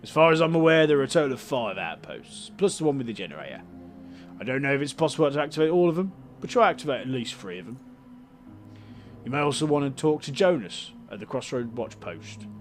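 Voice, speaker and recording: Cockney game councillor, big bearded man, calm and welcoming, lively up-and-down delivery, put on by a male player reading dialogue. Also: medium pitch, quick pace, soft background music, lightly acted.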